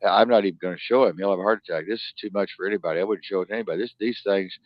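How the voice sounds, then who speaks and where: A man hosting a live-stream news talk show, ranting in profane outbursts that swing from loud to low muttering. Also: racing, no room sound. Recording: dull lo-fi dry sound.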